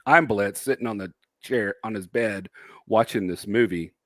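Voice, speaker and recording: Low-voiced man telling a rambling story. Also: normal speed, fairly bright tone, dry recording. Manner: rambling storyteller, laughs often. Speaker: co-host. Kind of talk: casual livestream chat.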